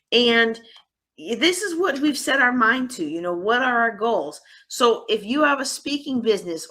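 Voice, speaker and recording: A woman speaks to a live conference audience, her voice sitting a little high. She coaches in a lively, teasing way and leans into sarcasm to make her points. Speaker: host and workshop speaker. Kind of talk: live conference workshop talk. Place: conference room.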